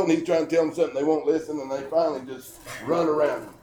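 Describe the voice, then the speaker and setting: A man preaching an earnest sermon at a church service, telling stories and slowing down to read scripture. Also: a little high, fairly even intonation, dark tone. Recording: echoey church room with music behind.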